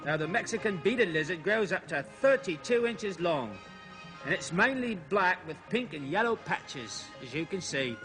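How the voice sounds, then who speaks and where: A man's voice: sits high, big pitch swings, normal speed. An actor playing a jolly male explorer narrating his animal film, chatty and marvelling as he talks to the lizards. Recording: music playing under old TV film.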